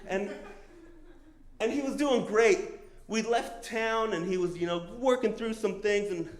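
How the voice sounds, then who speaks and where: A man's voice: high-pitched, a little slow, echoey room. A man telling a true story at a live storytelling show, casual and profane, acting out other people's lines. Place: comedy stage before a live audience.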